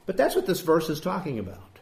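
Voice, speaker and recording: A man's voice: a little high, huge pitch swings, fairly quick, vocal fry, reverberant. A male pastor giving a conversational sermon, acting out the voices he quotes. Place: church building.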